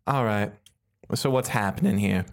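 Relaxed male game master, low voice. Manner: relaxed, filler-heavy narration. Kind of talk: narrating a tabletop game.

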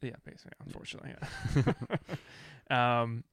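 A man hosting a casual podcast, upbeat and quick to laugh, reading off lists of facts. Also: mid-range voice, little pitch movement, creaky, fairly bright tone, clean tone, no echo, studio quality. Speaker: podcast host. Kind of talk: casual chat.

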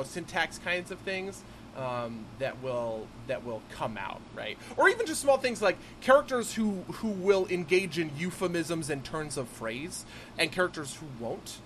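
A young man co-hosting a casual podcast about role-playing games, animated and quick to laugh. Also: high-pitched, a little hiss or hum, low-quality recording. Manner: animated, laughs often, lots of fillers. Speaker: podcast co-host.

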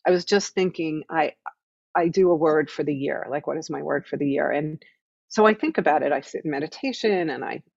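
A woman's voice: low voice, brisk, creaky, a little mellow, breathy edge, no room sound. A woman who teaches meditation, explaining her ideas as an interview guest in an earnest, teaching tone and often checking in with "right?". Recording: dull, dry recording.

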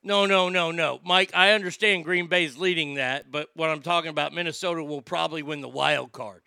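Brash male sports-talk host, sarcastic and profane; high, gravelly, sharp tone. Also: a little fast, no echo, clean studio sound. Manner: brash, sarcastic, swears freely. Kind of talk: casual sports rant.

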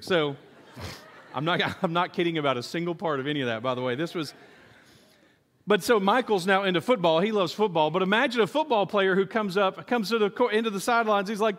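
A man's voice: sits high, quick pace. A middle-aged man preaching a sermon, telling a story with humor and acting out the voices of the people in it. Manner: animated storytelling, acts out quoted voices, jokes with the congregation. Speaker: pastor.

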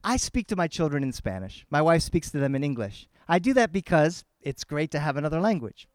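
A man telling a family story to a live audience, animated and switching between English and Spanish. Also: a little high, a little fast, no echo, studio quality. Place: outdoor garden festival.

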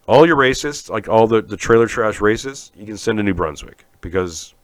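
A man's voice: lowish voice, expressive, normal speed, dry recording. A man from Canada hosting a podcast, rambling through a profane, sarcastic comic rant. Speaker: podcast host.

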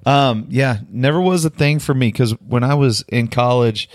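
A man's voice: mid-range voice, moderate pace, no echo, clean studio sound. A middle-aged man hosting a podcast, talking casually and chattily, often repeating words as he starts his sentences. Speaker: podcast host. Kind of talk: casual interview chat.

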